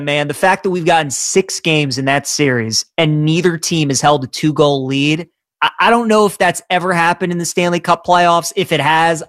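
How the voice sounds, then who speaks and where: A man co-hosting a live sports talk show, making animated predictions in a chatty way. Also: on the high side, no room sound, clean studio sound. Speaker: sports betting show co-host.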